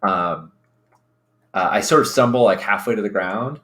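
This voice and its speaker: A woman playing a tabletop game, explaining her move slowly with many fillers and pauses. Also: rumbling low, fairly bright tone. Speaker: player.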